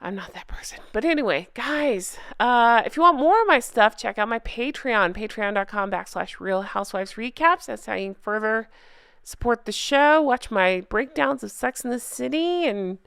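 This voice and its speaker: A woman's voice: fairly high pitch, expressive, moderate pace, creaky, a bit bright, smooth, no echo, clean studio sound. A woman recapping reality TV on her own channel, rambling and giggling as she talks straight to her viewers. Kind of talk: casual chatty recap.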